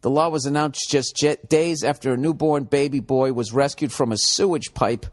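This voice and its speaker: A man in his forties hosting a comedy podcast from home, rambling in a profane, animated monologue and slipping into mocking voices. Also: medium pitch, normal speed. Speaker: podcast host. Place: home room with window.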